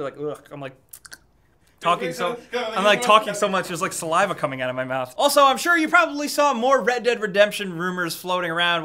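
A young man hosting a weekly gaming news roundup, talking in an energetic, chatty way and swearing casually. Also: sits high.

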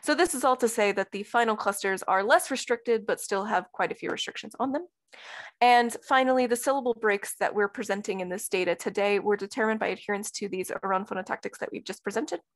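A woman giving an academic linguistics talk over a video call, explaining clearly. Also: mid-range voice, a little fast, dry recording. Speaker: linguistics presenter.

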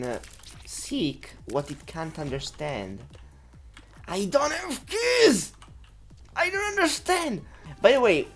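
A woman giving gameplay commentary, giggling often, breaking into loud laughter and swearing freely. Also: low-pitched. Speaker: let's-play gamer.

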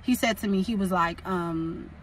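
A woman's voice: lowish voice, normal speed, distant mic, slight background noise. A young woman from California, a prophetess, preaching casually and rambling, repeating phrases for emphasis.

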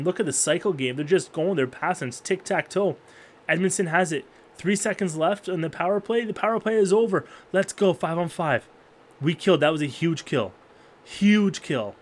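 A man giving excited play-by-play commentary on a hockey video game. He talks to the players on screen, jumps to loud, high-pitched yelling at big plays, then drops to low mutters. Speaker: gaming YouTuber.

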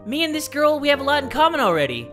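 A young man giving loud, jokey commentary as he plays a game. His pitch leaps all over the place. Background music plays throughout. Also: huge pitch swings, fast. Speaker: gaming video host. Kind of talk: energetic let's-play commentary. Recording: music playing behind.

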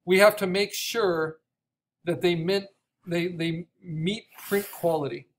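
A man teaching an online art course, explaining steps with frequent restarts and a voice gone raspy from coughing. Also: sits high, steady tone, slow. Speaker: art instructor. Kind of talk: recorded online course lecture.

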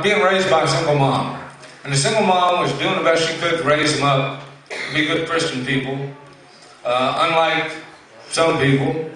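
A man's voice: on the high side, sharp tone. A man telling folksy stand-up jokes to a live audience, drawling with fillers. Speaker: stand-up comedian. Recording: echoey room from far off.

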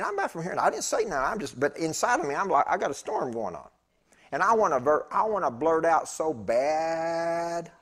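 Man preaching, storytelling sermon, swooping lively voice, slightly high, chatty, laughing asides. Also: slightly rough. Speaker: pastor. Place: church sanctuary.

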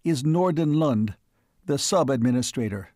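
A man voicing a male historian from the far future who speaks an old language haltingly, searching for each word. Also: mid-range voice, animated, mellow, no room sound, studio quality, lightly acted.

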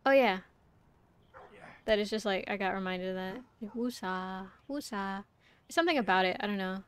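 Talking to her chat while playing a climbing game, a young VTuber streamer rambles casually and curses when things go wrong. She speaks fairly quickly in a mid-range voice, over a faint hiss or hum.

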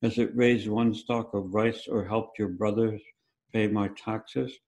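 A man's voice: lowish voice, little pitch movement, slow, a little mellow. A man reading a scolding village mother. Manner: scolding, then fawning. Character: scolding village mother, older woman, impatient.

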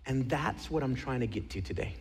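A man preaching a sermon in a theater, telling a story with animated emphasis and dropping to a hushed, near-whispered delivery at moving moments. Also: mid-range voice, a little fast, creaky, husky, in a large hall. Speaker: pastor.

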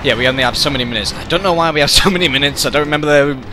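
A young man giving rambling, excitable gameplay commentary, often yelling in frustration. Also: a little high, rapid-fire, background noise. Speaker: let's play gamer. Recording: commentary over loud game music. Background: game music.

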